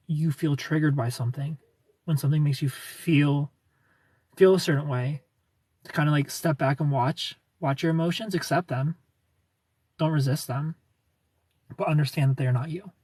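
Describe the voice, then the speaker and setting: A man's voice: fairly high pitch, fairly even intonation, normal speed, long pauses, darkish tone, husky, no echo, distant mic. A man in his thirties hosting a casual livestream and answering viewers' comments, rambling, restarting sentences and chuckling often.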